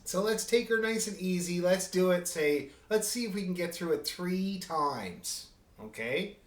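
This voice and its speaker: A man leads a beginner fiddle class online, talking in a loose, rambling way with chuckles between points. His voice sits a little high. The room around him is noticeably echoey. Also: animated, measured pace. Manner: chatty, rambling, chuckling asides. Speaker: fiddle teacher. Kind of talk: online group music lesson.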